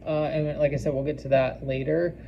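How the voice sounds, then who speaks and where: A man teaching a recorded class lesson, halting with many ums and restarts and repeating foreign phrases slowly for practice. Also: a little high, little pitch movement, vocal fry, dull audio, slight background noise. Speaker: language teacher.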